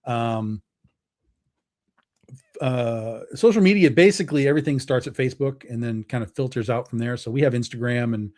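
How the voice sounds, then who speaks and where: A man's voice: medium pitch, moderate pace. A man appearing as a guest on a video-call show, talking casually about his comics company with many fillers. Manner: relaxed, filler-heavy, many restarts. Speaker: comic book publisher guest. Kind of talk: casual chat.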